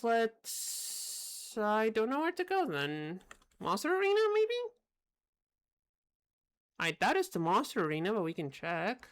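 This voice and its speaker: A young woman giving live gameplay commentary, dry and sarcastic in her asides. Her mid-pitched voice swings widely up and down, often jumping high when she questions things. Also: fairly bright tone, clear, resonant tone. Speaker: game streamer.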